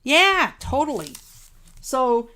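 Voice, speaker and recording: A woman's voice: high voice, sing-song, slow, sharp tone, clear, resonant tone. A woman hosting a live crafting stream, chatting casually with viewers, gushing over supplies and laughing at herself. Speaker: craft livestream host.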